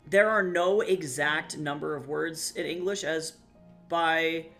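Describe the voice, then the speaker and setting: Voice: medium pitch, steady tone, slow pace, a bit bright, faint music behind. A young adult streamer in casual live-stream chat, rambling and swearing casually while talking to viewers.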